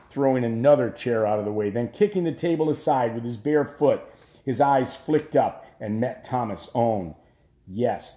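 A man reading a novel aloud in a measured, steady way. His voice is dark and mellow. The reading rings in an echoey room. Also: mid-range voice. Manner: measured storytelling, dropping quiet at tense moments. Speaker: audiobook narrator. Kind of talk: scripted narration.

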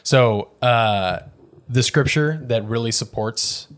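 A man hosting a casual faith podcast, relaxed and quick to laugh, often correcting himself mid-sentence. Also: medium pitch. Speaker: podcast host.

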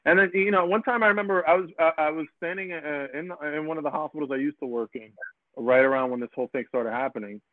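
A man hosting a casual podcast chat. He talks in an animated, rambling way, repeats his words and acts out what other people said. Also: a little high, fast, no room sound. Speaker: podcast host. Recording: dry phone-like audio.

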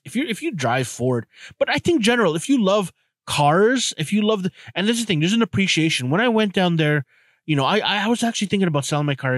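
Rambling podcast host, stumbling over words. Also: male voice, fairly high pitch, no echo. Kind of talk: casual solo monologue.

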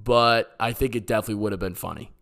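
A man's voice: fairly low pitch, steady tone, fast talker, creaky, fairly bright tone. Sarcastic joking male podcast host. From Boston area, USA. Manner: joking, sarcastic, rambling with fillers. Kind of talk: casual podcast chat answering voicemails.

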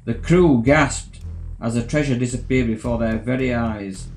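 A man reads a children's adventure tale in a measured, even delivery at a middle pitch. His voice echoes around the room, with a faint musical bed behind him. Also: faint music behind. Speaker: storyteller. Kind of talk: scripted narration.

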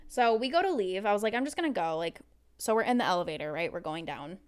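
A woman co-hosting a podcast, telling a story in an animated, casual way and swearing freely. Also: medium pitch, quick pace, smooth. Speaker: podcast co-host.

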